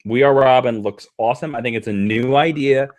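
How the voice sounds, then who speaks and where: A man's voice: medium pitch, fairly quick. A man hosting a casual live stream chat, talking with enthusiasm. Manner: enthusiastic, animated.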